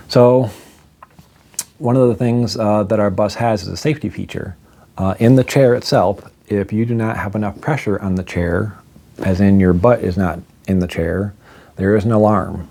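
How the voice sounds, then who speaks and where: Middle-aged man, low mellow voice, chatty self-deprecating storyteller who acts out quoted lines. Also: fairly even intonation, moderate pace. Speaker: vlogger telling a personal story. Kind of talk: casual storytelling monologue.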